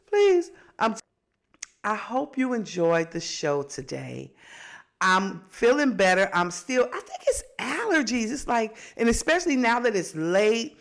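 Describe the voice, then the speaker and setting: A woman's voice: medium pitch, creaky. A woman hosting her own podcast, reacting to clips in a casual, preachy way, a little stuffy from allergies. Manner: animated, preachy, sings a phrase, mimics voices. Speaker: podcast host. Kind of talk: casual commentary.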